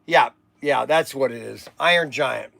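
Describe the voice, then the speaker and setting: A man's voice: mid-range voice, measured pace, gravelly, fairly bright tone, no room sound. An older man hosting a livestream, rambling and exasperated, sighing while he chats. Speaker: livestream host.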